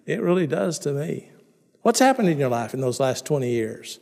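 Pastor preaching with long hall reverb. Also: male voice, on the high side, lively intonation, fairly quick, gravelly, a little mellow. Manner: conversational, repeats and restarts words, asks listeners questions. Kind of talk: sermon.

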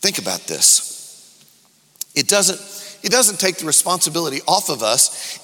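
A man's voice: on the high side, big pitch swings, measured pace, pauses often, husky. A man preaching a sermon to his congregation, calling out questions to the room and drawing answers from them. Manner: rising from quiet reflection to loud calls to the congregation. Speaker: pastor. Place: church sanctuary. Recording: long hall reverb from a church.

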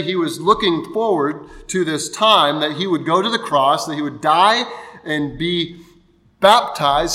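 Man, preacher, explanatory sermon delivery, bright forward tone. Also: on the high side. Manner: explanatory, conversational preaching with restarts. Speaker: pastor.

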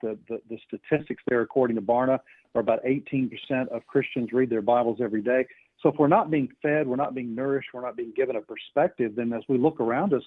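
A man's voice: medium pitch, breathy edge, no room sound. Earnest man on a tinny phone line. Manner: earnest, many fillers and restarts. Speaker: author guest.

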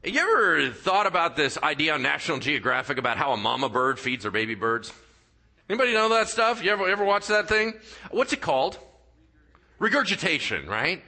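Animated, bright-voiced male pastor preaching. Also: fairly high pitch, brisk, creaky. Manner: animated storyteller, acts out voices and sound effects; drops to quiet, earnest tones for key points. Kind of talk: sermon. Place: church sanctuary.

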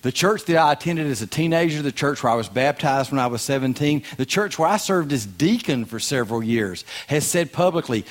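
A man's voice: fairly high pitch, animated, a little fast, few pauses. A man with a Southern US accent, a guest speaker giving a sermon in a folksy, joking and emphatic way. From American South.

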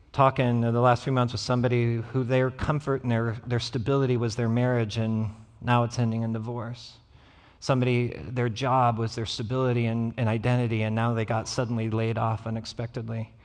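A man's voice: medium pitch, flat delivery, fairly quick. A man, a pastor preaching a sermon, who tells stories and acts out the voices of the people in them. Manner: storytelling, acts out quoted voices. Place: church sanctuary. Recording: church hall reverb.

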